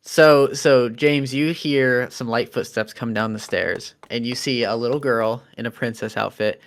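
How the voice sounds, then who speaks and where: A man's voice: mid-range voice, measured pace. A man running a tabletop role-playing game as game master, explaining rules and narrating scenes. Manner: relaxed, explaining rules, many fillers.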